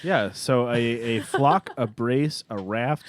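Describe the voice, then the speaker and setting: A man's voice: mid-range voice, slow pace. A man in casual podcast chat, reading facts aloud in a dry way.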